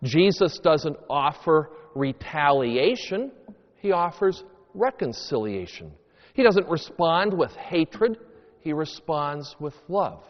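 A man preaching a homily as a priest, with slow, deliberate phrasing that rises and falls dramatically. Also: big pitch swings. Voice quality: sweeping highs and lows, slow deliberate delivery. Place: church. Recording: long church reverb, dull lo-fi sound.

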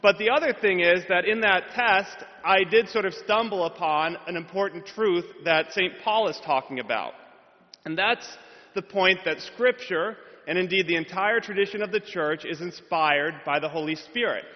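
A priest preaches a homily with a fairly high voice and a humorous, self-deprecating storytelling manner. His voice carries a long church reverb, and the sound is a bit dull. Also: normal speed.

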